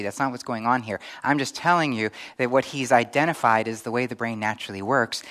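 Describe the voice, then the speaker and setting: A middle-aged male pastor preaching a conversational sermon with animated acted-out asides. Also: mid-range voice.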